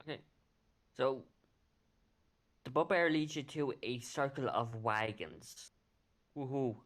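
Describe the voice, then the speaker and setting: A man runs a tabletop session as game master. He narrates at a slow, careful pace, pausing often on fillers as he describes the scene. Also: medium pitch, lively intonation, a bit bright. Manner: unhurried narration with frequent fillers.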